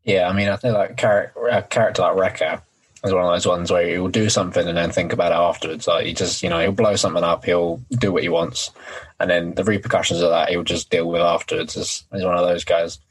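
A man's voice: sits low, flat delivery, fast, slightly rough, poor audio. A man co-hosting a casual podcast, talking over an episode with a hesitant manner full of ums and restarts. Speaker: podcast co-host. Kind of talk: casual recap chat.

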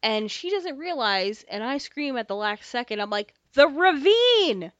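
A young woman co-hosting a podcast, telling a story in casual chat, animated, swearing freely and acting out dialogue. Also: on the high side, normal speed, clear, resonant tone, no room sound. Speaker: podcast co-host. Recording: slightly dull dry podcast mic.

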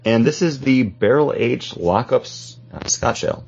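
A man hosting a casual podcast, relaxed as he introduces segments and beers. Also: medium pitch, unhurried, creaky, a little hiss or hum. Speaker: podcast host. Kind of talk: casual chat. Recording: dull lo-fi podcast audio.

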